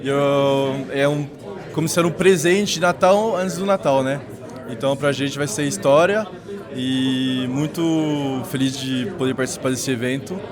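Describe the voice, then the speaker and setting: A man's voice: medium pitch, normal speed. A Brazilian man, a rugby player, answering interview questions in an earnest, humble way. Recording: outdoors with loud crowd behind.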